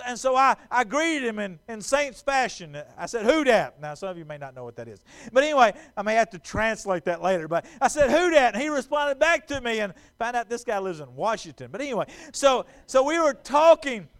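A man preaching a sermon in a church, animated and stumbling over repeated words as he acts out quotes. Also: very high voice, vocal fry, clear, resonant tone. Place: church sanctuary.

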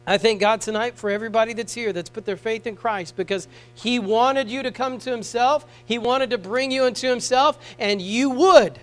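A man preaching a sermon to a congregation, moving between soft, tender passages and raised, pleading appeals. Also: extremely high pitch, moderate pace, poor audio. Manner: swings from hushed tender tones to raised pleading.

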